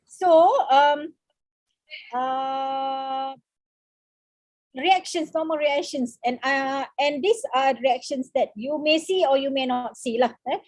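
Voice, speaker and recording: In a high-pitched voice, a Malaysian English-speaking woman lectures on counseling in seminar style, hesitating often with fillers and mixing in Malay words. The sound is close and dry with no echo or room around it, as over a video call.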